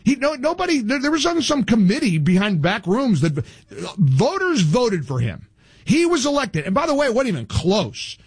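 Middle-aged radio guy going off, high lively voice, kinda husky, dry close mic. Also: moderate pace, dry recording. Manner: emphatic, animated, frequent restarts. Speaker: radio talk show host. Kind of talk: political talk radio banter.

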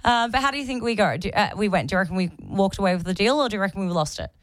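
A young woman, a radio co-host who also works as a real estate agent, tells a story in casual chat, acting out the quotes. Her mid-range voice is expressive and racing, on a dry recording.

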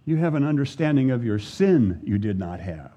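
A man preaching a sermon as a pastor, earnest and unhurried, leaning hard on scripture readings and pausing for effect. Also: mid-range voice, big pitch swings, dark tone. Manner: earnest, slow preaching with dramatic pauses and emphatic scripture readings.

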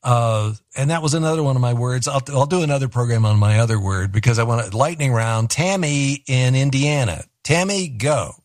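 A man hosting a radio call-in show, friendly and quick with banter, laughing easily with callers. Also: medium pitch, dry recording, clean studio sound. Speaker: radio host.

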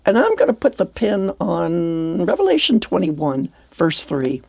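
A woman's voice: on the low side, sing-song, measured pace, creaky, a little mellow, breathy edge, no echo. An older woman hosting a devotional radio program, talking earnestly and exclaiming with wonder. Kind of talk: heartfelt devotional radio talk.

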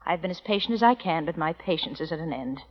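Dignified, icy widow, 1940s radio drama, reverberant lo-fi old recording. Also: female voice, sits low, expressive, fast. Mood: cold. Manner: dignified, cold, firm. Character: proud young widow who owns a ranch.

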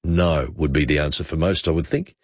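A man's voice: rumbling low, fairly even intonation, fairly quick, no echo. A male talkback radio host who muses aloud and reads out listener texts. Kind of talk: late-night talkback radio. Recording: muffled radio broadcast.

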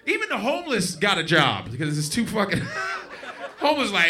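A man's voice: high voice, huge pitch swings, normal speed, sharp tone. A man doing a stand-up rant, exasperated and often giggling at his own jokes. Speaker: stand-up comedian. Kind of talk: stand-up routine.

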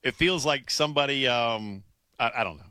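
A man's voice: mid-range voice, moderate pace, bright, forceful tone, smooth, no echo, studio quality. A man co-hosting a sports radio show, talking loosely and jokingly and often repeating words as he starts a thought. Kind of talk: casual sports radio talk.

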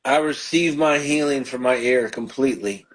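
A man, a pastor hosting a call-in radio ministry, praying fervently over callers and slowing into soft prayer. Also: medium pitch, husky, rough recording. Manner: fervent, slows down and softens into prayer.

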